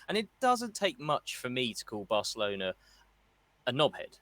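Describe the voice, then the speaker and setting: Male co-host, sarcastic ranter, expressive delivery, dry booth sound. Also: mid-range voice, moderate pace, no echo. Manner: ranting, mocking, with mimicked voices. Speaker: podcast co-host. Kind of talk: casual football chat.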